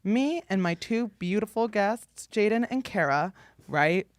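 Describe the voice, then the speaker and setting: Young woman host, mid-pitched, chatty, fillers, dry close sound. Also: expressive, measured pace, no echo. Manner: filler-heavy, acts out quotes loudly. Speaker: podcast host. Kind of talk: casual storytelling.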